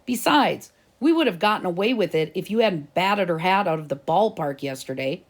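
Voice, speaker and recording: A woman's voice: lowish voice, animated, normal speed. A woman reading aloud and voicing a stubborn, argumentative schoolboy in a storybook. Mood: arguing. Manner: indignant, argumentative. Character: boastful scheming schoolboy, stubborn and dramatic.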